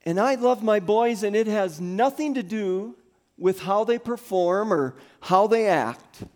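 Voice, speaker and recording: A man in his thirties preaching a sermon in a church, swinging from soft near-whispers to loud, rising calls. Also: high voice, lively intonation, measured pace. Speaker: pastor. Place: church sanctuary.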